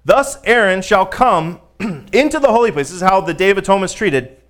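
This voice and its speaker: High-voiced man teaching a sermon. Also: animated, fairly quick, fairly bright tone. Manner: conversational, emphatic, addresses the congregation directly. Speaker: pastor. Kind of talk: sermon teaching with scripture reading.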